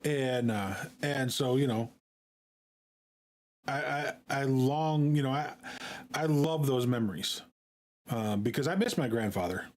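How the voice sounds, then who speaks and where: A man streaming, talking in a casual, halting way with many fillers and repeated words. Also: mid-range voice, a little mellow. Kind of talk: casual live-stream chat.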